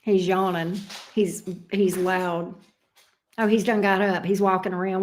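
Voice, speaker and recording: A woman's voice: mid-range voice, fairly even intonation, unhurried. A woman tarot reader, chatting casually and playfully on her livestream with frequent fond asides. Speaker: tarot reader and channel host.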